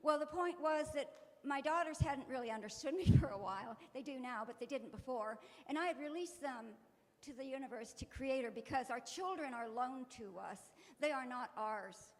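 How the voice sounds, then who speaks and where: High-voiced woman in a reverberant hall. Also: normal speed. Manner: animated, acts out dialogue with lively voices, often laughs. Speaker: spiritual speaker. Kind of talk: storytelling talk and guided meditation. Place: event hall.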